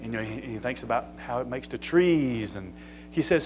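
A man delivers a sermon in a relaxed, folksy manner, mid-pitched and conversational, then rising to emphatic peaks when he drives a point home. A faint hum sits under the recording. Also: fast talker, rough recording. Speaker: pastor.

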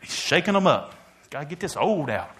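A preacher delivering a sermon, swelling loud and dropping quiet, calling out to the congregation. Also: male voice, on the high side, very animated, fairly quick, background noise.

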